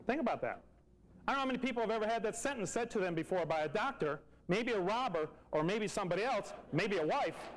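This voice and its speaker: A man's voice: high voice, expressive, fast, rough recording. A man, telling a personal story earnestly and repeating phrases for emphasis. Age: 40s.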